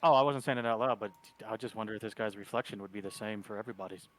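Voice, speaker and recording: A man playing a tabletop game, speaking in a low-key, dry and insistent way. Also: racing, fairly bright tone. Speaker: player. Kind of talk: casual tabletop game chat.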